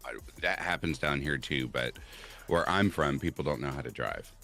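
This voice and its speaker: Very deep-voiced laughing man. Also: moderate pace, sharp tone, soft background music. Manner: laughs often, playful. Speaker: guest. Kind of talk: casual chat on a livestream.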